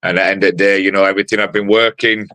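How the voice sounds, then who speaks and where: Brash man in his forties, very low voice, dry close sound, swaggering fight talk. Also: little pitch movement, racing, bright, forceful tone, no echo. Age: 40s. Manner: brash, sweary trash talk with many fillers. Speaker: bare-knuckle fighter. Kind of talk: fight promo interview.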